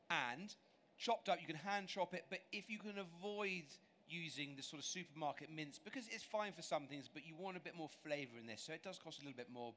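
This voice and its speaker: An enthusiastic man from England talks an audience through a live cooking demo, his voice sitting a touch high for a man. He is chatty and self-deprecating, and a faint hum of the exhibition hall runs behind him on the stage microphone. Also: fairly bright tone. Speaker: chef demonstrating cooking.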